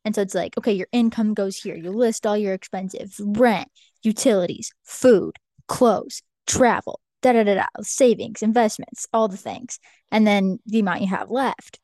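A woman's voice: mid-range voice, normal speed, warm tone, dry recording. A young woman in her twenties casually explaining something on a podcast in a breezy way. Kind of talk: casual chat.

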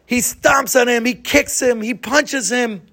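A man telling a comic story in a dramatic way, dropping to a hush for suspense. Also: very high-pitched, unhurried, gravelly. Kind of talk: told joke story.

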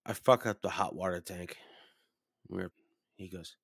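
A man's voice: steady tone, moderate pace, gravelly, breathy edge, no room sound, studio quality. Profane rambling man around thirty. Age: 30s. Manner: profane, rambling, gets loud and high when ranting. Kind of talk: casual storytelling chat.

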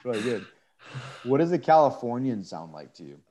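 A man's voice: mid-range voice, very animated, normal speed, dark tone. A man joining a casual podcast chat, playful and enthusiastic.

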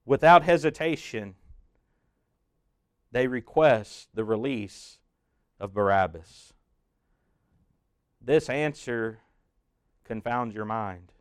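Dramatic preacher with a clean, smooth voice. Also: male voice, medium pitch, no room sound, clean studio sound. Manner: addresses the listener as "you", swelling loud then dropping hushed. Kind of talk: dramatic guided sermon narration.

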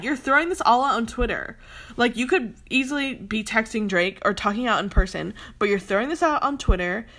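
A woman's voice: on the high side, fairly bright tone. Heated, swearing young woman ranting. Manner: heated, emphatic, swears a lot, fillers like "like". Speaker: commentary vlogger. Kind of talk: ranting celebrity commentary.

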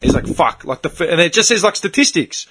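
A man's voice: high voice, lively intonation, quick pace, a bit bright, dry recording. A young man in casual chat with friends, telling a long rambling story with lots of swearing and filler words. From Australia.

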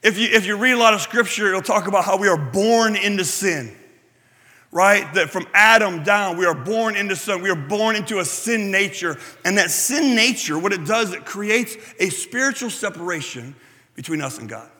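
A man preaching a sermon in a high, bright voice, talking with his congregation more than at them. He checks in with "right?" and drops in playful asides about himself, and his words ring out with a long hall reverb. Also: lively intonation, normal speed. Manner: conversational, asks the room "right?" often; self-deprecating asides. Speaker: pastor.

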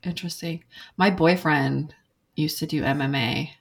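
A woman's voice: low-pitched, steady tone, moderate pace, gravelly, husky. A woman who works in video game development, chatting casually and rambling with lots of "like" fillers. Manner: rambling, filler-heavy, frequent "like". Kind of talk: casual chat.

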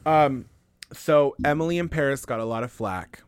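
A man's voice: medium pitch, normal speed, clear, resonant tone, no echo. An American man co-hosting a podcast, talking in a profane, emphatic, opinionated way. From United States. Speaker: podcast co-host. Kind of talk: casual chat.

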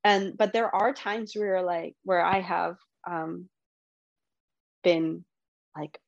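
Gravelly-voiced woman, reflective and candid. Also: fairly low pitch, fairly even intonation, takes it slowly, no room sound, dull audio. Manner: reflective, many fillers and restarts. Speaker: guest. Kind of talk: candid conversational interview.

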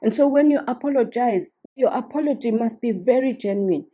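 A woman's voice: fairly high pitch, a little fast, dark tone, breathy edge. A woman hosting a podcast, giving earnest advice in a casual monologue and often checking in with the listener. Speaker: podcast host.

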